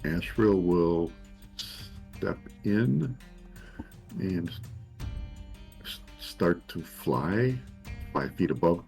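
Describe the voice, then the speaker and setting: A man's voice: deep voice, expressive, drawn-out words, creaky, pauses often, darkish tone, soft background music. A man playing a tabletop game, describing his moves in a hesitant way with lots of ums. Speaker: player.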